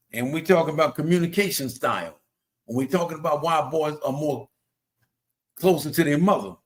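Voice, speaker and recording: A man hosting a casual motivational talk, earnest and preachy, who often repeats himself. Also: a little high. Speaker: host.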